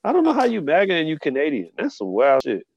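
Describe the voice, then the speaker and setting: A man co-hosting a podcast, telling stories with expressive, laughing banter. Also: fairly high pitch, fast, slightly rough. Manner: storytelling, expressive, laughs often. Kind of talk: casual banter.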